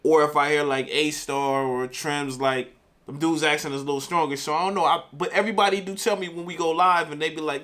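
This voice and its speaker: An American man hosting a reaction video, chatting casually in relaxed slang. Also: on the high side, a little fast. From United States. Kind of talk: casual commentary.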